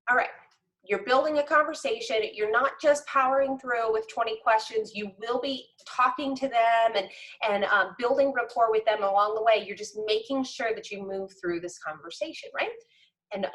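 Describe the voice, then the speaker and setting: A woman's voice: a little high, a bit bright, low-quality recording. A woman real estate coach teaching trainees in a conversational, emphatic way, often checking in with "okay?" and "right?". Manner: emphatic, direct instruction to trainees. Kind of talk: coaching lesson.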